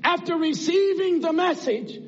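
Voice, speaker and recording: A man's voice: very high voice, a little slow, muffled recording, a little hiss or hum. A man preaching a sermon in an earnest, conversational way, asking his listeners rhetorical questions.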